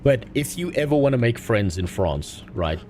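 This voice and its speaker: A young adult man streaming a game, chatting casually in a rambling way with crude deadpan jokes. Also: medium pitch, normal speed, a little hiss or hum. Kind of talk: casual chat while gaming.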